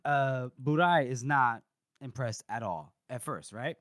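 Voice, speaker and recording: A man's voice: medium pitch, unhurried, fairly bright tone, no echo, clean studio sound. A man co-hosting a casual book podcast, animatedly retelling scenes, acting out quotes and swearing. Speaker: podcast co-host.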